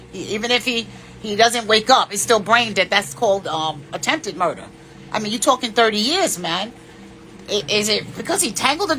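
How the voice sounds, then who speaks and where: In an unscripted monologue, a woman in her fifties hands out blunt, profane life advice. Her voice is a little high, with a bright, forceful tone, and her delivery is preachy and crude, swinging widely in emphasis.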